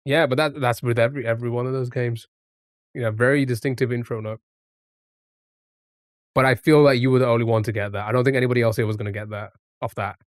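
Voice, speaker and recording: A man's voice: medium pitch, steady tone, quick pace, dry recording, clean studio sound. A man live streaming a music guessing game, chatting casually and reacting to his chat as he plays.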